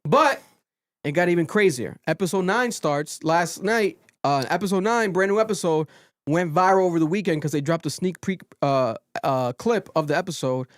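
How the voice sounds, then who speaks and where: A man hosting a podcast, recapping a reality show in animated casual chat and swearing freely. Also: on the high side, normal speed. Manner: animated storytelling, swears freely, quotes people in raised voices. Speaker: podcast host.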